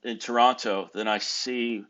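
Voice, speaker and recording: A man's voice: mid-range voice, steady tone, unhurried, fairly bright tone, dull audio. A tired man from the United States talking casually in a rambling, self-correcting, wry way from a hotel room. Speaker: vlogger. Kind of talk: casual vlog monologue.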